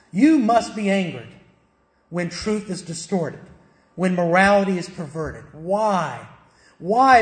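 A man's voice: sits high, darkish tone. A middle-aged male pastor preaching a sermon, emphatic, firing rhetorical questions and answering them himself. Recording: echoey church room.

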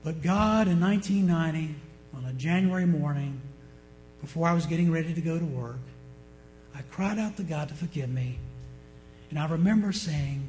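A male pastor preaching a sermon with passion, swinging from loud declarations to hushed words. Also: a little high, animated, moderate pace, pauses often, soft background music, rough recording.

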